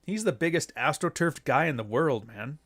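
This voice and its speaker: A middle-aged Canadian podcast host with a nasal, husky, fairly bright voice delivers a casual monologue at normal speed, expressive, blunt, crude and sardonic, with sudden high-pitched outbursts.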